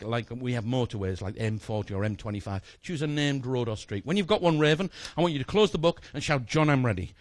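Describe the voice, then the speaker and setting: A man's voice: on the high side, fairly bright tone, no room sound. A man performing a magic routine, chatting jokily with a volunteer from the audience on stage. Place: stage in front of a live audience.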